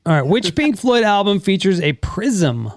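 A man's voice: high voice, sing-song, moderate pace, a little hiss or hum. A man hosting a casual podcast and reading out trivia questions, laughing and teasing his friends with casual swearing. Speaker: podcast host and trivia quizmaster.

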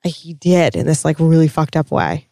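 Animated woman gushing over a show. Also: deep voice, moderate pace, no room sound. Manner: animated, gushing fan talk with swearing. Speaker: podcast co-host. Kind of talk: casual TV recap chat.

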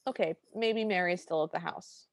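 A woman's voice: on the low side, moderate pace, vocal fry, no echo. Wry woman podcaster, dry close sound. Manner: wry and sarcastic, quoting her notes. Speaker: podcast co-host. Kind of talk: casual chat recapping a film.

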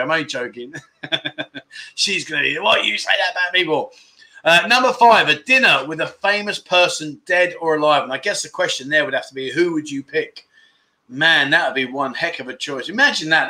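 A middle-aged man with a fairly high, bright, forceful voice, chatting loosely to a livestream audience. He bounces through viewer comments with cheeky, self-deprecating humour and easy banter. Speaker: livestream chat show host. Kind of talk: casual livestream chat reading viewer comments.

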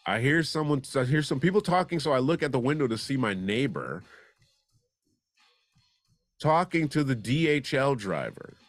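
A man hosting a comedy news show reads strange stories in a sing-song, mid-range voice at a normal pace, pausing often. There's no echo, and he keeps interrupting himself with sarcastic wisecracks as he jokes through the news.

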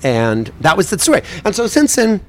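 A man telling a comic personal story in an animated way, acting out the scenes with exasperated asides. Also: sits high, normal speed.

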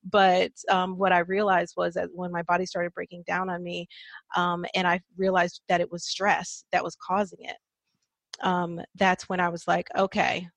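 A woman's voice: fairly low pitch, completely flat delivery, normal speed, gravelly, no room sound. A woman in her thirties, a podcast guest, telling her personal story reflectively with frequent fillers and small laughs.

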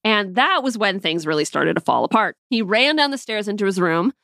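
A woman in her thirties tells a personal story about her family in a candid, reflective voice. Her pitch sits in the middle, and the sound is close and dry, with no room around it. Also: lively intonation, brisk, creaky, dry recording. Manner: candid, reflective, with soft laughs. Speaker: mother.

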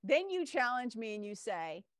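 A woman hosting a podcast, telling stories in a lively casual way and swearing now and then. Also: fairly high pitch, normal speed, clean tone. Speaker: podcast host. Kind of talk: casual interview chat.

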